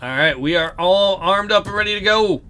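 Chatty man with bright, lively voice. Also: high-pitched, normal speed, clear, resonant tone. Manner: joking, chatty, reads game text aloud. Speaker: let's play host. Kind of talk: casual gameplay commentary.

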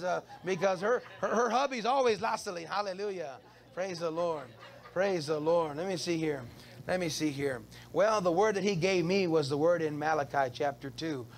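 A man preaching in a church with a notably high, gravelly voice, drawing the congregation in with call-and-response cues. He stumbles over and repeats words as he builds his points, and a faint hiss sits under his speech. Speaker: pastor. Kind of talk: sermon.

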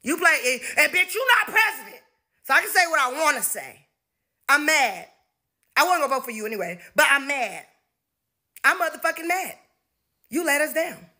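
A woman's voice: sits high, big pitch swings, moderate pace, long pauses, sharp tone. A woman delivering a sassy, profane comedic rant.

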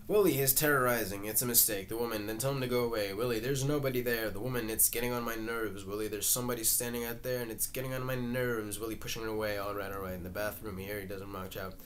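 A man reading a stage play aloud, voicing every part himself and reading out the stage directions, with some halting restarts. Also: medium pitch, slight background noise. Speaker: reader. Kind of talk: amateur reading of a play, all parts.

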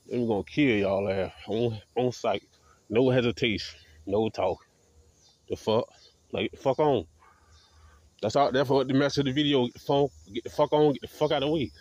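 A man's voice: mid-range voice, fairly even intonation, moderate pace, darkish tone. A man delivering a profane, defiant, repetitive rant to camera as a video blogger. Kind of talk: ranting monologue to camera.

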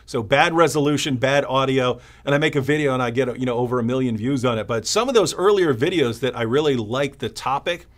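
Animated man on a live stream. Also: medium pitch, fast talker, few pauses. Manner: animated storytelling, mimics opponents. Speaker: co-host. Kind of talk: casual live-stream chat.

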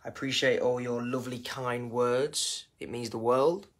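A man's voice: mid-range voice, steady tone, normal speed, fairly bright tone. Emotional, rambling English man streaming. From England. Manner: emotional, rambling, repeats himself. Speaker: live streamer. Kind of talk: casual live-stream chat.

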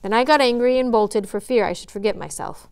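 A woman's voice: on the high side, a little fast, clean tone, close to an everyday voice. A woman reading aloud as a sulky, hot-tempered young man, indignant and defiant.

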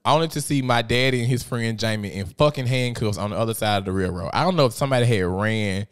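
A man, hosting a podcast in a blunt, profane, animated storytelling manner. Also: medium pitch, quick pace, smooth. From Memphis, USA. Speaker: podcast host. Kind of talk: casual podcast monologue.

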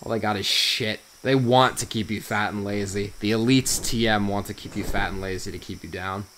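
A man's voice: fairly low pitch, fairly even intonation, normal speed, fairly bright tone, a little hiss or hum. A man from South Jersey giving casual, rambling gameplay commentary as a YouTuber, swearing often and saying "you know" constantly. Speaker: gaming YouTuber.

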